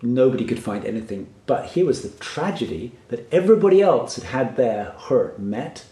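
A man's voice: medium pitch, very animated, moderate pace, mellow, roomy sound. A man who works as a workshop facilitator tells a personal story in an earnest, reflective way and often checks in with "right?".

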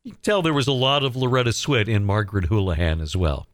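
A man's voice: on the low side, fast talker, no room sound, clean studio sound. Upbeat male radio host. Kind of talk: radio interview and chat.

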